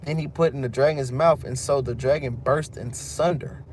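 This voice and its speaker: At a moderate pace, a teacher of a religious group with a Texan accent reads scripture and then offers casual commentary in loose street slang. His mid-range voice is a little mellow, with a little hiss or hum in the recording.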